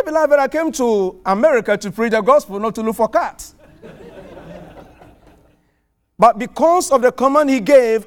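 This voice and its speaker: High-voiced preacher telling a lively story. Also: male voice, clean tone. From outside the US. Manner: animated storytelling, swelling loud on exclamations. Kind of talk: sermon with a personal story.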